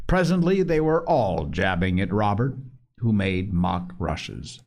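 Slow, husky dramatic man narrating. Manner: dramatic, expressive reading with big pitch swings. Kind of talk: audiobook narration.

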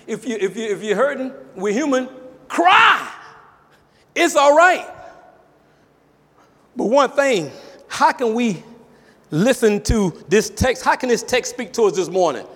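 A male pastor preaching a sermon with emphatic call-outs, his voice sometimes rising to a shout. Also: high voice, expressive, normal speed, slightly rough, in a large hall.

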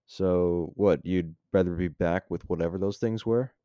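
A man's voice: low voice, normal speed, no room sound, highs cut off. A man voicing an anxious young soldier who keeps asking questions, read out plainly. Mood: uneasy.

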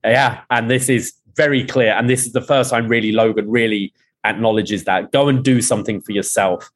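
A man hosting a podcast, retelling a TV episode scene by scene and quoting the characters' lines in a lively way. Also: medium pitch, normal speed. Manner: animated retelling with quoted lines. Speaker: podcast host recapping a TV episode. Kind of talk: casual recap, reading out scene dialogue.

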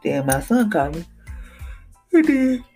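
A woman hosts a devotional podcast with a gravelly, creaky voice at a middle pitch. She talks casually and emphatically, acting out what she said to others. Soft music plays faintly behind her. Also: sing-song, a little slow.

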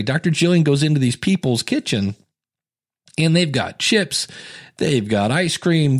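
A man chatting casually about a TV show, with animated asides and quick mock voices. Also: on the high side. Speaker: show reviewer. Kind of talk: casual chat.

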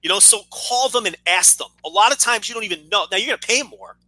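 A man co-hosting a wrestling podcast in casual chat, blunt and opinionated, swearing as he goes. His voice sits high, with a very bright, forceful edge. The sound is dry and close. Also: lively intonation, quick pace, dry recording, poor audio. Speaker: podcast co-host.

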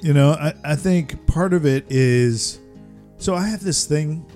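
A middle-aged man co-hosting a casual podcast chat, telling stories in an animated way and laughing often. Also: on the high side, measured pace, soft background music. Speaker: podcast co-host.

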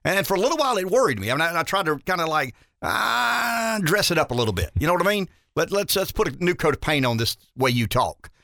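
A man's voice: on the high side, big pitch swings, quick pace, vocal fry, hardly any pauses, sharp tone, no room sound, clean studio sound. A man with a rural Southern US accent hosting a talk radio show, speaking in an emphatic, folksy way and repeating words as he builds his points. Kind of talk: opinionated talk radio commentary.

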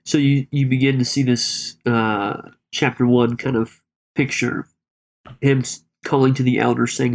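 A man's voice: mid-range voice, little pitch movement, gravelly. Man talking through scripture casually. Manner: conversational, halting, with many restarts. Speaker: Bible study co-host. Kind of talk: casual Bible discussion.

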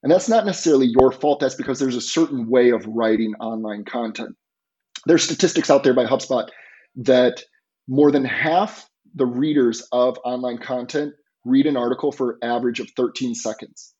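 A man's voice: mid-range voice, moderate pace, a little mellow. Explanatory male guest, dull lo-fi sound. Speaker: podcast guest. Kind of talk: casual podcast interview.

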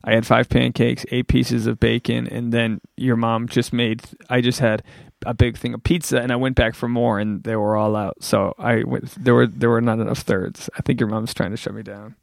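Podcast host, male, gravelly, dry close mic, rambling self-mocking humor. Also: medium pitch, little pitch movement, normal speed, dry recording. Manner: rambling, self-deprecating jokes. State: out of breath. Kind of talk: casual chat. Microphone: home podcast mic.

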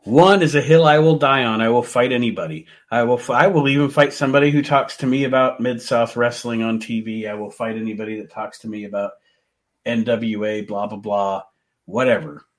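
Man, co-host, casual podcast chat, emphatic, laughs a lot, medium pitch. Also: fairly even intonation, a little fast. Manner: emphatic opinions, laughs often.

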